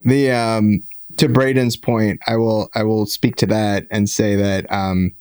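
A man in a casual podcast chat, speaking in a measured, hedging and somewhat wry way. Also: on the low side, flat delivery, darkish tone, clean tone, no echo, clean studio sound. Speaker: podcast co-host.

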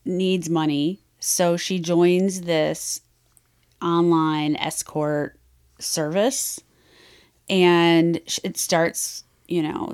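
A woman's voice: fairly low pitch, darkish tone, clean tone. Giggly woman chatting about books. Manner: giggly, candid, lots of fillers. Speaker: podcast co-host. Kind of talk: casual chat about romance books.

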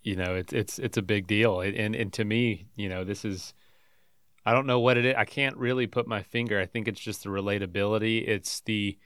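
A man hosting an interview, asking long, halting questions and thinking aloud. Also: on the low side, fairly even intonation, fairly bright tone, clear, resonant tone, no echo, studio quality. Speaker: interviewer, podcast host.

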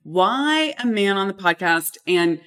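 A woman's voice: mid-range voice, animated, slow pace, fairly bright tone, smooth. A woman hosting a podcast interview, talking with enthusiasm and often repeating words. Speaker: podcast host.

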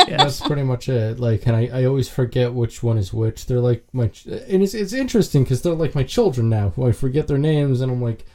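A man's voice: mid-range voice, a little fast, darkish tone. A man co-hosting a podcast in casual chat, rambling and restarting his sentences. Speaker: podcast co-host.

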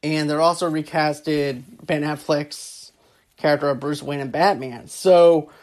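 At a measured pace, a woman gives casual movie commentary in a low, darkish voice with fairly even intonation. She rambles, repeats herself, and stacks filler phrases, especially "actually" and "go on ahead."

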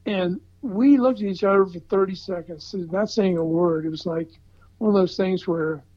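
An older man from the American South, telling an animated story in casual chat with chuckles and restarts. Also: fairly high pitch. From Southern United States. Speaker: record promotion veteran telling a story. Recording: slightly dull, muffled recording.

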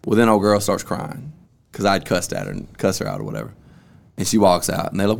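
A man's voice: fairly low pitch, sing-song, fast, gravelly. A young man on a casual podcast, telling stories from his school days in loose, slangy talk with plenty of cussing. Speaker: podcast host.

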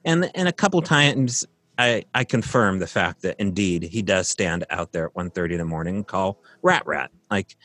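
A man's voice: sits low, moderate pace, fairly bright tone, no echo. A man casually telling a long, rambling story from his rural property, with many fillers and restarts.

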